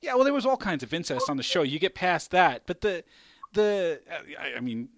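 A man hosting a casual chat, rambling and animated, swearing and laughing often. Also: fairly high pitch, normal speed, no room sound, clean studio sound.

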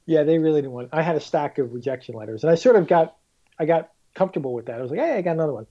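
A man guest on a casual podcast, telling stories in an animated way and acting out the people he quotes. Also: fairly high pitch, fast, dull audio. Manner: animated storyteller, acts out quoted voices. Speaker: guest author.

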